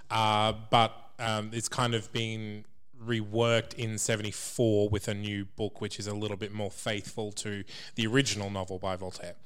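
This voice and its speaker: A man's voice: lowish voice, level tone, a little slow, a bit bright, clean tone. A man in a casual chat about musicals, informative and steering the conversation.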